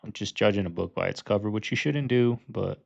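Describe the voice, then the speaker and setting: A laid-back man reacts to clips in casual, amused chatter. His voice is gravelly, and the recording sounds a bit dull and lo-fi. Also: lowish voice, brisk, a little hiss or hum. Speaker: reaction video host.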